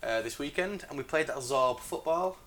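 An Englishman co-hosts a podcast in relaxed, chatty form. He laughs easily and tells stories without hurry. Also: fairly high pitch, moderate pace. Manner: laid-back, laughing. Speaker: podcast co-host. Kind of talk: casual chat.

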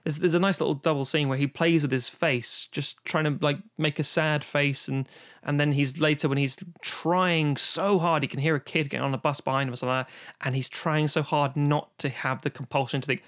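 A man in casual podcast chat about film, animated and profane, acting out quotes as he goes. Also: on the high side, brisk. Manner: animated, swearing, acts out quotes. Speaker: podcast guest discussing films.

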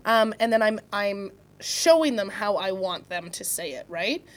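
A woman's voice: mid-range voice, animated, unhurried. A woman co-hosting a casual parenting chat, talking in a loose way with many fillers and restarts. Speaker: parenting podcast co-host.

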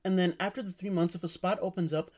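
A young man voicing an apologetic woman apartment manager, speaking softly and lower. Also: fairly even intonation, quick pace, lightly acted.

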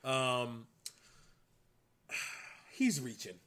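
Bright-voiced male podcast co-host. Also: mid-range voice, very animated, extremely slow. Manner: polite interjections, apologizes for cutting in. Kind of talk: casual chat.

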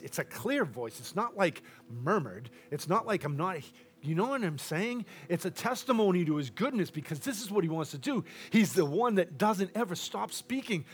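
A man preaching a sermon to a congregation, loud and boisterous at times and dropping to a near hush at others. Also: sits high, expressive, brisk.

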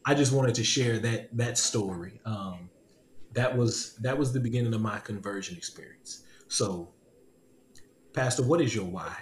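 A male podcast host with a lowish voice talks a little slowly over slight background noise. He laughs often and repeats lines while animatedly sharing a personal story in a casual testimony chat, recorded in an echoey room with faint ambience.

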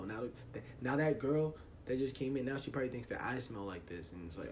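A man's voice: medium pitch, expressive, fairly quick, background noise. A young man, hosting a casual solo podcast and ranting in a loose, profane, rambling way. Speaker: podcast host.

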